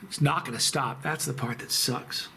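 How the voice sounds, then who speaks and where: A man hosting a chili pepper channel, talking casually to camera in a rambling, halting, emotional way with many restarts. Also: mid-range voice, gravelly, bright, forceful tone, slight background noise. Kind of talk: casual vlog talk to camera.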